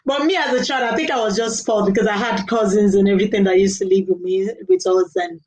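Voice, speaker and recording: A woman's voice: mid-range voice, steady tone, quick pace, darkish tone, rough recording. Chatty woman, laughing often. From Nigeria. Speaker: live-stream host reading viewer comments. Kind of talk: casual live-stream chat.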